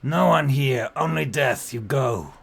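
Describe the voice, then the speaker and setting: A man's voice: mid-range voice, lively intonation, measured pace, vocal fry, fairly bright tone, breathy edge, pitched above the performer's own voice, full character voice. A man voicing a small, diseased orc girl who talks in broken, curt sentences. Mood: grim. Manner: broken speech, curt and guarded.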